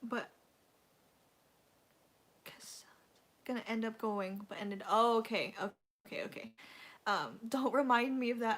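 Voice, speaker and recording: A woman's voice: a little high, moderate pace, long pauses, a bit bright. A woman hosting a casual livestream, chatting to her viewers in a rambling, gushing way full of fillers. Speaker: livestream host.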